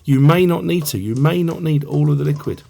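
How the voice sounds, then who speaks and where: A man's voice: on the high side, a little fast, vocal fry, dark tone, slight background noise. A man hosting a casual cooking tutorial, chatting along with rambling asides. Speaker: cookery show host.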